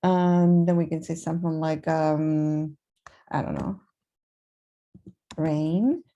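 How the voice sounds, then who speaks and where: Gravelly Argentinian woman teaching code. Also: deep voice, fairly even intonation, slow pace, dark tone, lo-fi sound. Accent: Argentinian Spanish. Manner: meandering, thinks aloud with many fillers. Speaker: programming teacher. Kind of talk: casual screen-share coding lesson.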